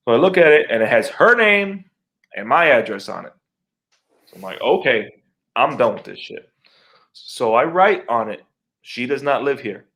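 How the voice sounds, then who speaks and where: Animated, profane man telling a story. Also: mid-range voice, moderate pace. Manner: animated, profane, acts out his own reactions. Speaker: podcast co-host. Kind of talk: casual podcast storytelling.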